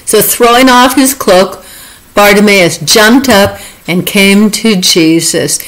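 Earnest woman retelling scripture, slow, heartfelt, chuckles often. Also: mid-range voice, poor audio. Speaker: devotional speaker. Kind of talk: informal Bible teaching.

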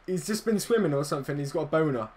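A young man giving excitable, swearing commentary over his own football video game match, teasing his opponent. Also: fairly high pitch, quick pace, faint music behind. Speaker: gaming YouTuber. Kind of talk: live gameplay commentary.

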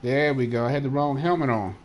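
A man streams a video game raid, calling out plans to his team and muttering asides as he plays. His pitch sits in the middle range. The audio has a clear layer of noise underneath. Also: quick pace. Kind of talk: casual gaming chat.

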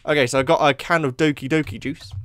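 A man giving excitable, chatty let's play commentary, joking and laughing often. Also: a little high, fast, slight background noise. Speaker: YouTube gamer.

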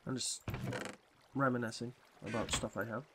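A man's voice: fairly even intonation, moderate pace, noisy background. Rambling man chatting over a game. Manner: rambling, coaxes game animals in a higher sing-song voice. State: chewing a cough drop while talking. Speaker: gameplay commentator. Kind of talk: casual game commentary.

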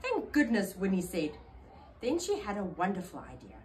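A woman reading a children's picture book aloud in an expressive, animated storytelling manner. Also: on the low side, normal speed, a little hiss or hum, poor audio.

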